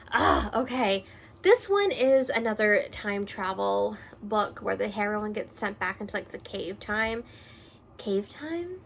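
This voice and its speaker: This is a woman chatting through a casual book vlog from a room at home. She is animated and quick to laugh. Her voice jumps between loud exclaims and soft, half-whispered asides. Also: medium pitch, slight background noise. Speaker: book reviewer host.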